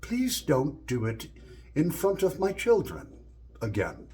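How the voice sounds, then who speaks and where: A man's voice: on the high side, huge pitch swings, takes it slowly, dark tone, voice pushed up, exaggerated voice. A man voicing his prim adult brother-in-law, speaking in stiff, formal disapproval. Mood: disapproving.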